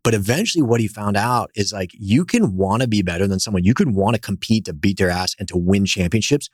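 A man, a company founder, telling energetic stories as a guest in a casual interview. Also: on the low side, a little fast, no echo, clean studio sound. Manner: animated, energetic storyteller.

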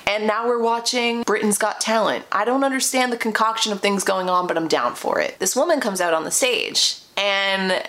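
A young woman speaks at an ordinary mid pitch as she hosts her podcast. She tells a personal story in a loose, candid, chatty way. Fillers and restarts run through her talk. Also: normal speed, hardly any pauses, fairly bright tone. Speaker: podcast host.

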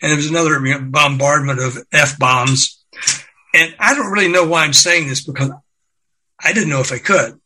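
Bright-voiced older man telling stories. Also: fairly high pitch, normal speed, slight background noise, poor audio. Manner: animated, acts out quotes, laughs along. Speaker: guest, record executive. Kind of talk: anecdotal storytelling.

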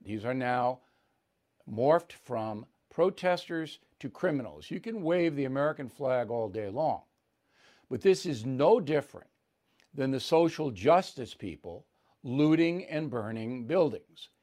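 An older man hosting a live news commentary show, speaking in a measured, deliberate way with firm emphasis. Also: mid-range voice, lively intonation, warm tone.

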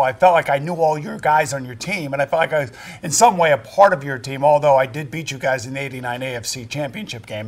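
A man in his sixties hosting a casual sports interview, friendly and teasing with his guest. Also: a little high. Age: 60s. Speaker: host.

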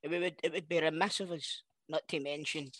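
A man's voice: fairly high pitch, steady tone, fairly quick, a bit bright, no room sound. A man co-hosting a podcast, teasingly setting up a question for his guest. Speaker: podcast host. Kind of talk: casual podcast chat.

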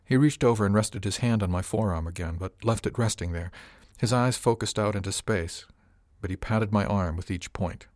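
Man narrating an audiobook, low and dry. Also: moderate pace, a little mellow, no echo. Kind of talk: first-person scripted narration.

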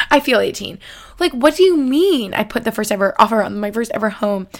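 A woman in her twenties hosting a podcast in casual, excitable chat, with lots of filler words. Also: on the high side, a little fast. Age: 20s. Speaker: podcast host.

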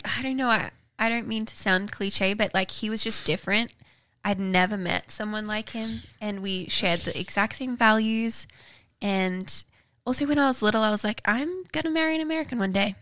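A young Australian woman, a podcast guest in casual chat, soft-spoken and a bit hesitant. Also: a little high, moderate pace.

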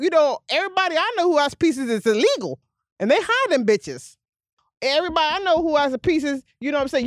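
Young west coast woman host, lively and profane, slightly high voice, dry close sound. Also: no room sound. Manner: profane, animated storytelling with voiced asides. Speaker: podcast host. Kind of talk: casual interview chat.

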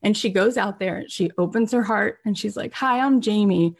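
A woman telling an inspirational success story, animated, acting out the people in it. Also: mid-range voice, moderate pace, creaky, husky. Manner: animated retelling with acted quotes, rising intensity. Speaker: motivational speaker.

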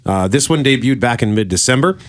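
A man's voice: medium pitch, animated, fairly quick, no echo. A man co-hosting a podcast who explains a new fantasy series in a chatty way. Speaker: podcast co-host. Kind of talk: casual chat.

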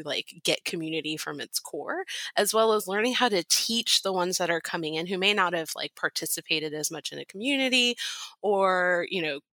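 A woman from South Carolina, a podcast guest chatting casually about herself and her work, upbeat and quick to laugh. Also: lowish voice, sharp tone, no echo. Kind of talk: casual interview chat.

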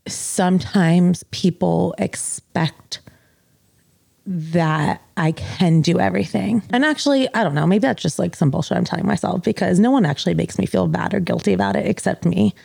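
A woman in her thirties talks through her feelings on a podcast, rambling and filler-heavy, close to tears. Her voice has a creaky fry, and the sound is dry with no room echo. She comes across as open and unguarded. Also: lowish voice, mellow. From US East Coast. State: tearful. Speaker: podcast co-host. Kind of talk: casual chat.

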